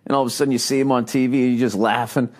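A man from the United States rants his way through a solo podcast monologue. His voice sits at an ordinary middle pitch, and he swears constantly, doubles back mid-sentence and piles on sarcasm as he vents in exasperation. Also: steady tone, racing. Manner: profane, rambling, exasperated ranting; frequent fillers and restarts, sarcastic. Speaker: comedian and podcast host.

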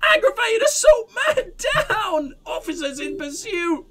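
A man's voice: lively intonation, moderate pace, heavily acted. A man voicing a frantic, deluded old woman who barks police codes through a megaphone. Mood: screaming. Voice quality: shrill shouting.

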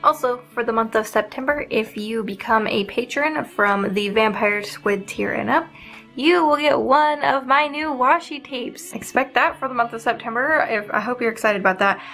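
Excitable young woman host, higher voice, chatty unboxing vlog with light music under. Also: moderate pace. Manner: bubbly, excitable, giggly. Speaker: art channel host. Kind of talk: casual unboxing chat.

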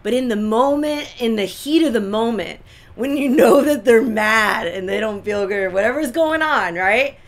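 A woman's voice: fairly high pitch, expressive, normal speed. A middle-aged woman co-hosting a relationship advice chat, talking emphatically and repeating her points for effect. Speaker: co-host giving relationship advice.

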